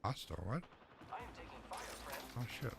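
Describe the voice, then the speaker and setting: Game music and game sounds play behind a young man streaming from his home setup through a mixer-fed mic. His mid-range, gravelly voice is very animated but measured in pace as he rambles chattily and answers chat mid-game.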